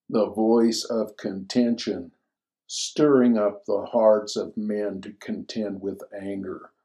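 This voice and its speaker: A man's voice: lowish voice, dark tone, rough recording. A man giving a sermon-style commentary, reading scripture verses aloud and then explaining them. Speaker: scripture teacher.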